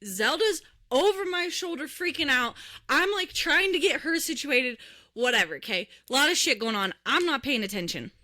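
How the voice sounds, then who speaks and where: A young woman co-hosting a podcast, telling a story in casual chat, animated, swearing freely and acting out the people in it, speaking close to the mic. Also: high voice, normal speed, no echo. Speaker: podcast co-host. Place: podcast recording room.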